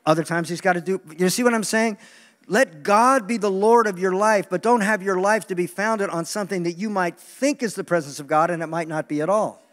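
A man preaching a sermon in an animated, joking way, acting out the voices he quotes. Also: high voice, brisk, in a large hall. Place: large meeting hall.

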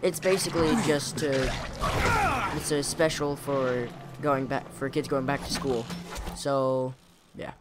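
A young male gamer talks through his game in an unhurried, rambling way, stopping to correct himself and chuckle. His voice sits at an ordinary pitch, and a steady hiss of background noise runs under the recording. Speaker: gaming YouTuber. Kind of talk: casual gameplay commentary.

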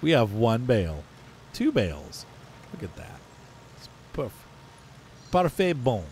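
A man casually commentating his own farming game, chatty and self-mocking, often jumping into playful high exclamations. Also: wildly swooping pitch, takes it slowly, a little mellow, a little hiss or hum. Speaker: gameplay commentator. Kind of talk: casual let's-play commentary.

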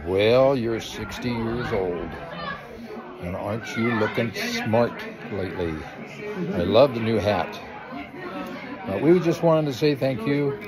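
A man speaking warmly and tearfully to a family member at a birthday party. His voice sits at an average pitch, and a lively crowd murmurs behind him. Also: takes it slowly, low-quality recording. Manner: emotional, choking up, tender. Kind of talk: casual heartfelt video message. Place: indoor party.

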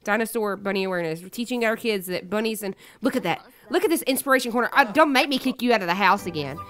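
A young woman with the sniffles commentates a life-sim game, bossing and teasing the characters in an excitable, jokey way. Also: medium pitch, fast. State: sniffly with a cold. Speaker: gaming YouTuber. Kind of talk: Let's Play commentary.

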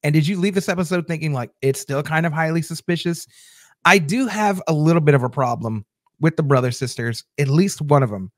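A man's voice: a little high, fairly quick, no echo. A man hosting a casual TV recap show, rambling chattily to his viewers with lots of fillers and restarts, on a close mic. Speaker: host of a TV episode recap show.

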